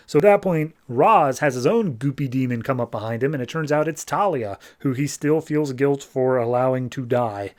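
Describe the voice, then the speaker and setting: A man's voice: medium pitch, moderate pace, few pauses, a little mellow. A man hosting a podcast, recapping comic books in a loose, joking, casual way and paraphrasing the characters as he goes. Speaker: podcast host.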